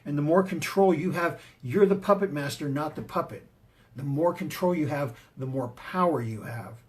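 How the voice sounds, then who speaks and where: A man's voice: a little high, moderate pace, darkish tone. A man giving a motivational talk on confidence, emphatic and punchy, telling personal stories to drive his points home. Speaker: motivational speaker and martial arts teacher.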